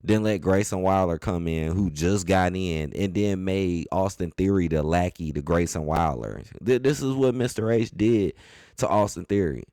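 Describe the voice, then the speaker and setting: A man giving a casual, animated opinion rant as a wrestling commentary host, repeating his points in loose everyday speech. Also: low-pitched, normal speed, no echo, clean studio sound. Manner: animated, repetitive, colloquial.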